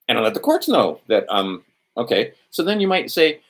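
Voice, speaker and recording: Fast and sing-song, the medium-pitched voice belongs to a man hosting an instructional video. He keeps it informal, thinking aloud, trailing off and restarting, and performs quoted exchanges.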